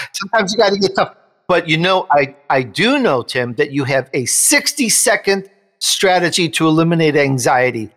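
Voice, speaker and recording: A man's voice: on the high side, animated, normal speed, a bit bright, long reverb tail. A man hosting an interview show, talking with enthusiasm and emphatic bursts. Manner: enthusiastic, emphatic, laughs between points. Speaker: show host. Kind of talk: interview chat.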